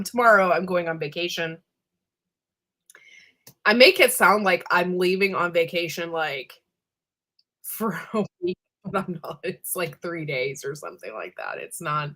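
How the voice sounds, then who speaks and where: A woman whose voice is on the low side, with a fairly bright tone, hosts a relaxed livestream. She greets each viewer by name in turn and rambles through asides, with frequent fillers, ums and trailing thoughts.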